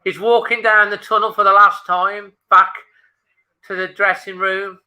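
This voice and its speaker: A middle-aged man hosts a live football fan stream. His voice sits a little high and comes across bright and forward, but his pitch barely moves. He talks casually and emotionally, holding back tears and repeating phrases. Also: flat delivery, measured pace. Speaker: fan channel host. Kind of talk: live match watchalong commentary.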